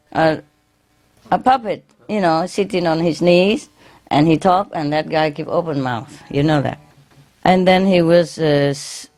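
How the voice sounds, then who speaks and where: A woman's voice: sits low, darkish tone. A woman, a spiritual teacher, telling jokes to a gathering, laughing often and repeating words as she goes.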